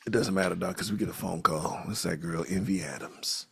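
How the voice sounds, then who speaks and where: A man co-hosting a casual movie podcast, retelling scenes in a loose, profane, animated way and breaking into laughter. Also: sits low, fairly quick, vocal fry, slightly rough. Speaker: podcast co-host.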